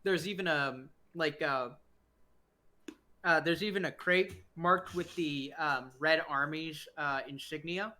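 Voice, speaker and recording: A man runs a tabletop game as game master, narrating in a relaxed, rambling way. His pace is slow and full of fillers. His voice is bright. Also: a little high.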